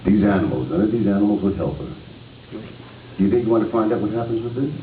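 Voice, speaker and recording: A man's voice: fairly low pitch, fast talker. Man reading aloud to children in an echoey hall. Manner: lively, playful, asks the children questions. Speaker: actor reading to schoolchildren. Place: school hall. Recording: tinny distant echoey hall recording with noise.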